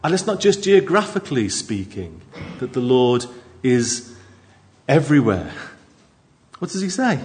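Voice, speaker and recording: A man preaching a sermon into a microphone in a church, emphatic and lively, with asides to the congregation. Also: mid-range voice, a little slow, long pauses.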